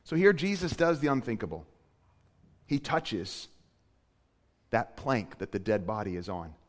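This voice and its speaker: A male pastor giving a sermon, moving between hushed, quiet passages and loud, emphatic preaching. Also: fairly low pitch, lively intonation, unhurried, in a large hall, slight background noise. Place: church.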